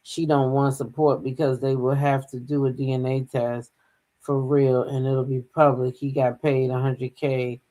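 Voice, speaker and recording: A woman's voice: very deep voice, level tone, dark tone. A woman hosting a gossip channel, talking casually, humming fillers and reading news aloud. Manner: chatty, drawn-out filler hums, reads news aloud. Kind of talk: casual commentary.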